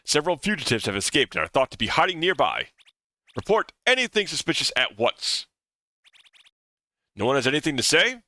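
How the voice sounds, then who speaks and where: A man's voice: on the high side, sing-song, brisk, pauses often, bright, forceful tone, no echo. A man voicing an arrogant young male prince, making haughty, commanding proclamations.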